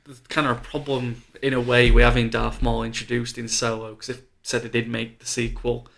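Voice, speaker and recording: A man who is a guest on a casual film chat podcast, speaking in a measured, matter-of-fact way. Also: mid-range voice, flat delivery, gravelly, fairly bright tone.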